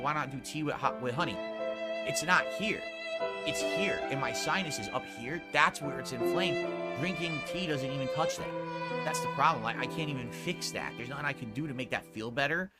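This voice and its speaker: A man streaming live, talking casually and bluntly to his chat in a laid-back way, with a sore throat and a lower voice than usual. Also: fairly quick, loud music behind the voice. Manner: blunt and profane when scolding chat.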